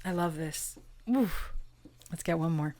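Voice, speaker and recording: A woman giving an intimate pick-a-card tarot reading, slow and earnest, affirming her listeners and drawing out key words. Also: low voice. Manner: gets emotional and laughs softly at times; occasional swearing and casual fillers.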